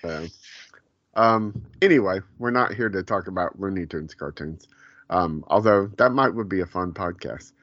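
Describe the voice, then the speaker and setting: Low-voiced man rambling with a laugh. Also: normal speed, fairly bright tone, no echo, highs cut off. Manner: rambling, laughs often, many fillers. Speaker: podcast host. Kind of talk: casual chat.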